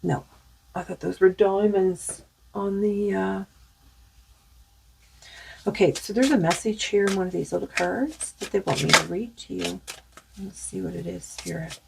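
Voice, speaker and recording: A woman's voice: mid-range voice, fairly even intonation, unhurried, vocal fry, long pauses, a little hiss or hum. A woman doing a spiritual tarot card reading in a rambling, musing way with many fillers, saying she is losing her voice.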